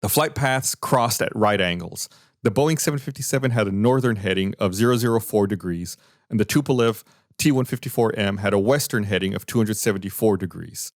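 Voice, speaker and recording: A man with a somewhat low voice talks through events on a podcast. He explains and reads report findings in a loose, conversational way. The sound is dry and close, with no room around it. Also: fairly quick, dry recording. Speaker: podcast host. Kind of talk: casual podcast discussion.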